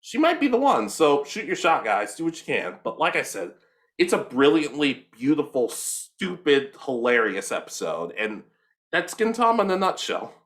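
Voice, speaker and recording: Lively young man recapping an anime. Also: on the high side. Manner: animated storytelling, quick voices for characters. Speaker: podcast co-host. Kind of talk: casual recap of an anime episode.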